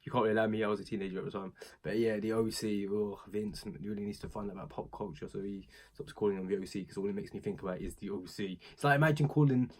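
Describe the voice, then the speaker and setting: A man's voice: on the low side, quick pace, few pauses, a little mellow. A young British man casually recapping a wrestling show, rambling and chatty, with many fillers and asides. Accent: British English.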